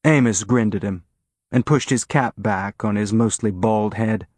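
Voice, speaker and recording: A man narrating an audiobook in a steady, even reading voice on a close mic. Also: lowish voice, unhurried, dry recording. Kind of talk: scripted narration.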